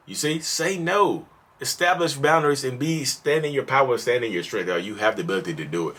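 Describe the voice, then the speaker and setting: Talking a little fast at a medium pitch, he speaks directly to camera on his mental health vlog. The advice is casual and preachy, driven home through repetition, and he animatedly breaks into acted voices.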